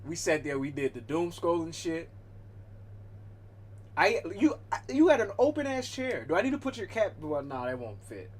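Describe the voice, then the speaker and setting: A man's voice: on the high side, very animated, normal speed. Rambling, profane man with a raised voice. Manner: rambling, profane, talking to his cat; frequent self-interruptions and restarts. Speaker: livestreamer. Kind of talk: casual stream chat.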